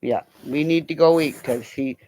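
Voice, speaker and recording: Through a computer mic at home, an older woman chats casually while ending her livestream, rambling and joking crudely. She has a deep, warm voice and a moderate pace.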